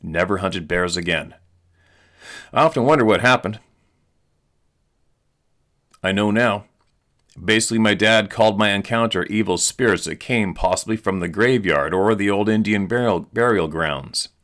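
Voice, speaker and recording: Man, very deep voice, host, reading a listener letter aloud, earnest, steady. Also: moderate pace, pauses often. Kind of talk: reading a true eyewitness story aloud.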